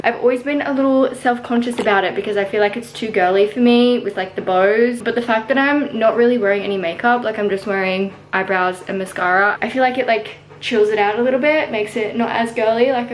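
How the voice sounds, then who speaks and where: A woman's voice: a little high, rough recording. A young woman, chatting casually to camera at home in a giggly vlog. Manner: chatty and giggly, says "like" often. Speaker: vlogger.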